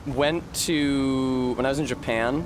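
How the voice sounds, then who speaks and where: A man's voice: medium pitch, fairly even intonation, slow pace, noisy background. A young adult man from Rhode Island, a streamer chatting while gaming, rambling and swearing freely. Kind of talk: casual chat while gaming.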